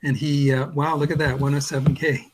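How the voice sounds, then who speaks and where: A man's voice: fairly high pitch, little pitch movement, brisk, slight background noise, poor audio. A man in his sixties from Canada, a guest comics artist telling a long rambling anecdote in casual chat, self-deprecating and full of restarts. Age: 60s.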